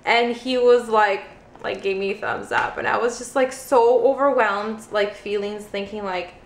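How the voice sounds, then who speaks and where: A young vlogger and first-time mother tells a personal story in a chatty way, leaning heavily on "like." Her medium-pitched voice has lively intonation and a normal speed, recorded in a roomy, echoing space.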